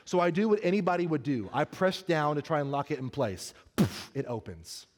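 A man as pastor, preaching a sermon, telling a funny story and then turning earnest and soft. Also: on the high side, animated, fast, in a large hall.

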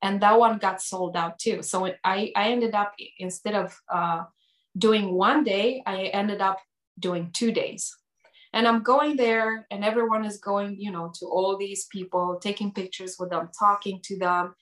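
A woman at a middling pitch tells a personal story in a conversation. She talks animatedly, often restarting her sentences and leaning on "like" as she goes. She works as a hair educator. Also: a little slow, roomy sound. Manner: animated, frequent restarts and "like" fillers.

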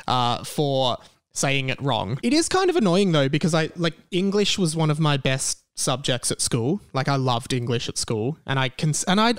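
A man's voice: a little high, clear, resonant tone, no room sound. Rambling young Australian man hosting a podcast. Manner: rambling and self-correcting, with many fillers. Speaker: podcast host. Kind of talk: casual solo podcast chat. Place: bedroom in a share house.

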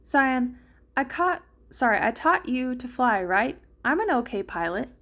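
A woman's voice: high voice, sing-song, unhurried, fairly bright tone, full character voice. A woman voicing a grumpy young man who complains and bickers, reading fan fiction aloud. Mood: complaining. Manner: complaining, sarcastic.

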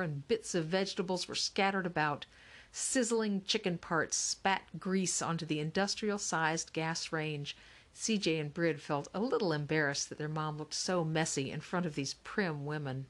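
Woman narrating a children's novel. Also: fairly low pitch. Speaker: audiobook narrator.

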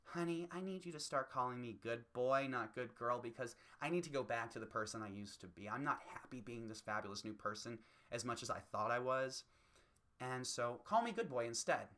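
A man voicing his soft-spoken, earnest young girlfriend in a comedy bit, with a quiet, lowered delivery. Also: lively intonation, a little fast.

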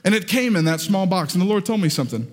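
Male pastor, Southern accent, high voice, playful storyteller, reverberant hall. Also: quick pace. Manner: lively storytelling with playful asides. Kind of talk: sermon.

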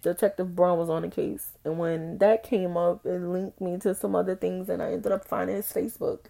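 A young woman hosting a podcast, telling a personal story in a candid, profane, animated way with frequent laughs. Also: on the low side, moderate pace, gravelly. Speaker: podcast host.

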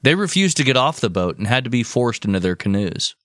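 Lively man telling crude comic history. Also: medium pitch, a little fast, noisy background. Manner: crude, joking asides between narration. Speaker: podcast host telling history.

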